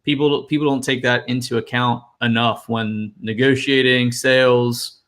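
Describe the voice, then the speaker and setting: A man in his twenties hosting a podcast interview, calmly summing up his guest's points. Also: medium pitch, moderate pace. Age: 20s. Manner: reflective, sums up the guest's points. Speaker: podcast host.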